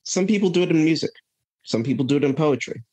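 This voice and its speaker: A man's voice: fairly high pitch, animated, quick pace, darkish tone, breathy edge. Earnest man thinking aloud. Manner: earnest, thinks aloud with frequent "right?" and restarts. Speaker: podcast guest. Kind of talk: reflective conversational storytelling.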